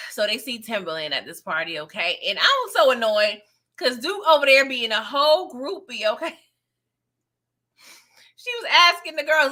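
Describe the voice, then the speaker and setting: A high, bright woman's voice in a relaxed recap chat, sassy and slangy, breaking into laughter as she talks right to her audience. She keeps it loose and personal, like catching up with friends about last night's episode. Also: normal speed, long pauses. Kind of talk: casual live recap chat.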